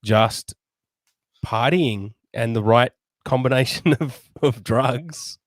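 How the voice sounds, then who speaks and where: A man's voice: mid-range voice, slow, dry recording. A middle-aged man co-hosting a podcast in crude, profane casual chat, laughing often. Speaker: podcast co-host.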